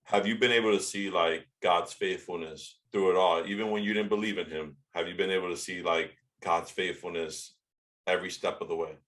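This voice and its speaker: Brief: male podcast host, very low voice, earnest and reflective interviewer. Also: fairly even intonation, fairly quick, a bit bright. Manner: reflective, earnest, thinking aloud. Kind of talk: interview questions.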